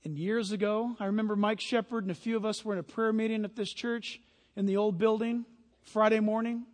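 A middle-aged man preaching a sermon as pastor, swinging from hushed storytelling to loud, fervent exhortation. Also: sits high, steady tone, brisk. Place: church sanctuary. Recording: long hall reverb.

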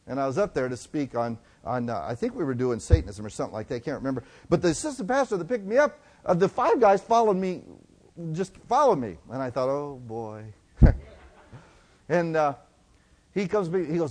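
Man preaching, middle-aged, slightly high voice, loud then hushed storytelling sermon. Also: big pitch swings, fairly quick. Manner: dynamic, swings from loud to hushed.

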